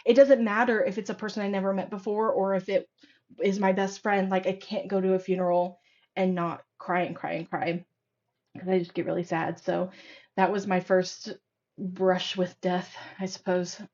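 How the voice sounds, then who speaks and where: A woman's voice: mid-range voice, moderate pace. A woman guest on a podcast tells her stories with animation, scattering fillers as she speaks. Her voice sits in a middle range, and the recording sounds slightly dull and lo-fi. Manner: animated storytelling, frequent fillers. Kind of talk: casual conversational interview.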